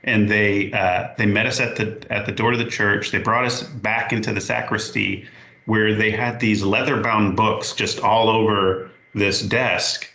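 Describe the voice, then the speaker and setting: A man in his forties with a low, bright, forceful voice tells a casual story as a podcast guest. He talks in a halting, unhurried way and often stops to correct himself. The room gives his voice a noticeable echo. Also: fairly even intonation.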